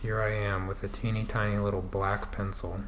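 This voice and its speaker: A man, the artist and host of his channel, giving relaxed running commentary while he draws. He rambles to himself, trips over restarts and drops self-deprecating asides, as if at his desk at home. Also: on the low side, normal speed, slight background noise. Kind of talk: casual running commentary while drawing on a livestream.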